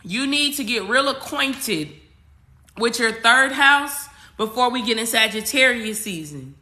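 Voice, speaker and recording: This spiritual coach speaks a little slowly on her casual astrology livestream, her voice on the high side, animated, bright and forceful. She addresses viewers head-on, repeating herself emphatically and using casual slang and swearing.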